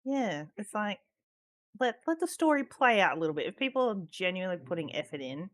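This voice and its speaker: A woman with a notably low voice talks through a relaxed, unscripted conversation. She swears freely, laughs often and keeps reaching for "like" as she goes. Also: a little fast. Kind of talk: casual chat about roleplay gaming.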